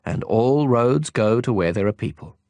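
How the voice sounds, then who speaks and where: A man narrating an audiobook, telling the story slowly and expressively. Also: fairly low pitch, lively intonation, creaky, a little mellow, no echo. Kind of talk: scripted narration.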